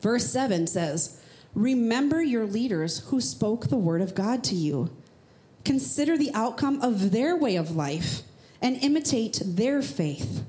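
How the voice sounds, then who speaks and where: A woman pastor preaching a sermon in church, speaking casually and with emphasis, sometimes jumping up high for rhetorical questions. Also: expressive, a little slow, dark tone.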